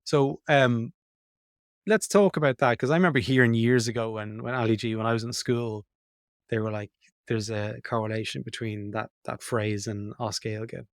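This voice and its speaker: A man's voice: medium pitch, fairly even intonation, moderate pace, dry recording, studio quality. A man, hosting an interview and thinking aloud as he puts his questions. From Ireland. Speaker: podcast host. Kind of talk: conversational interview. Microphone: remote call mic.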